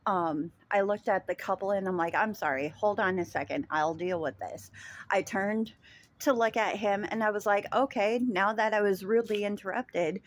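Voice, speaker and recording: A woman vlogger telling a story about a rude sandwich-shop customer in casual chat, rambling with many fillers and restarts. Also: lowish voice.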